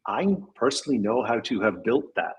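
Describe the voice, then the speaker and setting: Husky guy on a podcast, thinking out loud, trails off, little chuckles. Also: lowish voice, expressive, moderate pace, low-quality recording. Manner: reflective, trails off, chuckles while speaking. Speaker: podcast guest. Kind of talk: casual chat.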